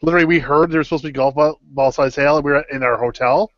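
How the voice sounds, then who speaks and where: A man's voice: fairly high pitch, fairly even intonation, fast talker, no room sound. A man co-hosting a casual podcast, chiming in with his own stories in a laid-back way. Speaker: podcast co-host. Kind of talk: casual chat. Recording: dry, muffled lo-fi audio.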